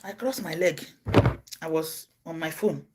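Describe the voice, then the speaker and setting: A Nigerian woman telling stories on her livestream. She acts out the people in them, jumping from a low murmur to high cries and shouts. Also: measured pace, slightly rough. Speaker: livestream host. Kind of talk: casual storytelling.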